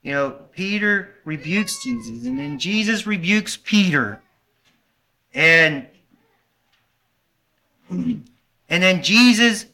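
High, bright-voiced preacher man. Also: creaky. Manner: earnest, asks the congregation questions; restarts and corrects himself. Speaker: pastor. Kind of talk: sermon.

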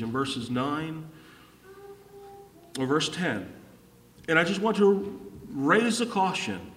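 Man preaching a lively sermon in an echoey hall. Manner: repetitive, rising to emphatic peaks and dropping low. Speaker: pastor. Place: church hall.

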